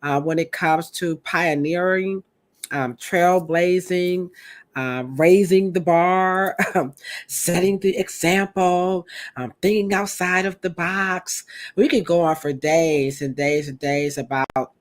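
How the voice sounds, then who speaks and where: A woman co-hosting a hair podcast in a chatty, animated way, turning often to her co-host. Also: lowish voice, slow pace. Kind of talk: casual podcast chat.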